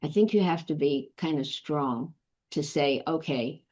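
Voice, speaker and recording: A woman with a very deep voice, talking reflectively and pausing often as she recalls things. The sound is dull and lo-fi. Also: a little mellow. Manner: reflective, with filler ums. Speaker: guest. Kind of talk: casual conversation.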